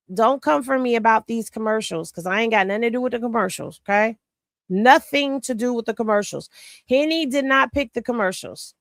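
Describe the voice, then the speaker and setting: A woman's voice: fairly high pitch, gravelly, no echo, studio quality. A woman hosting casual reaction commentary, blunt and sassy, talking straight to her viewers. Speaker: commentary host. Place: home room with rain on a tin roof.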